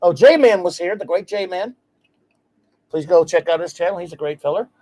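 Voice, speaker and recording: A man with a fairly high voice hosts a casual livestream chat. He rambles eagerly and keeps up a stream of effusive thanks. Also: normal speed. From United States. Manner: enthusiastic, rambling, effusive shout-outs. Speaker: host.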